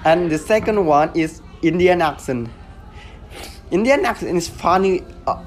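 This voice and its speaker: A man in his twenties, a student, giving an earnest, halting self-introduction with frequent hesitations. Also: a little high. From Indonesia. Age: 20s. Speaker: student podcaster. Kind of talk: casual self-introduction monologue.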